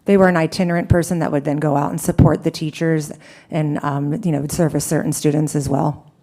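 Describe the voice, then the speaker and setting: A woman's voice: sits low, flat delivery, fairly quick, vocal fry, warm tone. A woman on the district staff explaining a staffing question at a board meeting, hesitant and full of fillers.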